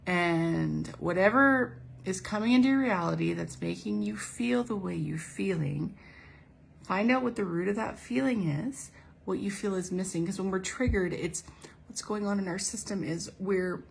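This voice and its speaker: A woman with a mid-range, creaky voice gives a casual, earnest motivational talk as a spiritual coach, with slight background noise. She keeps restarting, repeats herself, and acts out imagined inner dialogue by quoting what someone might say.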